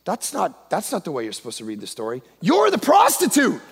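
A male guest pastor preaching a sermon in a church, emphatic and often shouting. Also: high-pitched, huge pitch swings, a little fast, gravelly, breathy edge. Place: church sanctuary. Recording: long echo of a large church hall.

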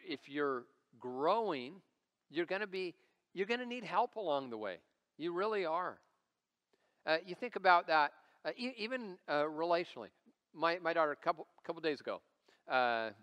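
A lead pastor in his forties preaches live in the church sanctuary, the hall's reverb audible. He speaks at a moderate pace in a fairly high, expressive voice that is sharp yet smooth, telling stories in a chatty way and making fun of himself.

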